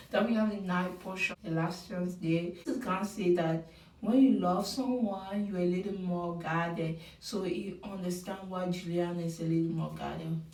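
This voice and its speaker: A woman giving opinionated, animated commentary on a reality show, sometimes mocking the people she talks about. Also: on the low side. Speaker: reality TV recap vlogger. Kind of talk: casual commentary. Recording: roomy sound, mic at a distance.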